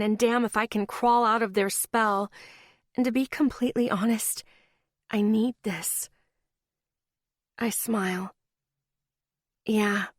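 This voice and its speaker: Brief: female first-person romance narrator, unhurried, emotional, dry studio sound. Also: mid-range voice, no echo. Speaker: audiobook narrator.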